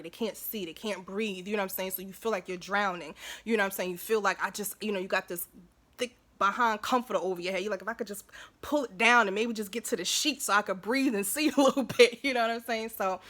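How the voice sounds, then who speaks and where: A woman talking casually to camera as a vlogger, chatty and warm-hearted in her asides, often asking "you know what I'm saying". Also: medium pitch.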